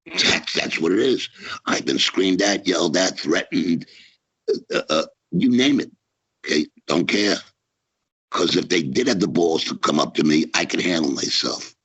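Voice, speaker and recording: A brash man with a very low, husky voice tells wrestling stories with swagger and heavy emphasis. He talks like a guest holding court in a casual interview. The audio sounds dull and lo-fi. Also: expressive, a little slow, fairly bright tone, no room sound.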